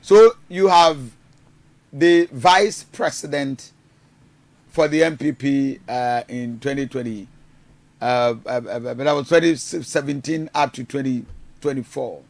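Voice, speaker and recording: A man's voice: medium pitch, fairly even intonation, measured pace, dry recording. A man with a Ghanaian accent giving rambling, hesitant political commentary, mixing in Twi phrases. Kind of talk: casual news commentary.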